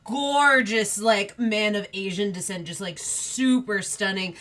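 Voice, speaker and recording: A woman narrating a tabletop game as game master, relaxed with many fillers. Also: mid-range voice, a little slow.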